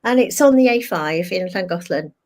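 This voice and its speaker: An older woman, a guest on a talk show, telling a candid personal story over a video call and acting out her own past thoughts in animated quoted asides. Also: lowish voice, moderate pace.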